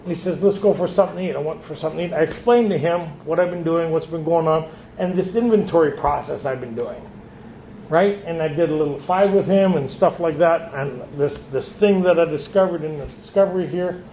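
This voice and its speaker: High-voiced man telling his story. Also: brisk, mellow, slight background noise. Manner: storytelling, acts out quoted dialogue. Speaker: retreat speaker. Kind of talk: recovery meeting share. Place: meeting hall. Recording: echoey room.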